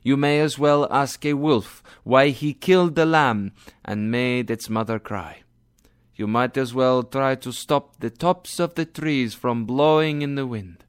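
A man voicing a resigned merchant in a read-aloud story, calm and weary. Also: mid-range voice, measured pace, smooth, lightly acted.

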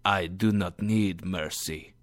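A man's voice: low voice, takes it slowly, dry recording, clean studio sound, voice pushed down. A man voicing a vengeful, unyielding moneylender in a read-aloud story, stern and emphatic. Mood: defiant.

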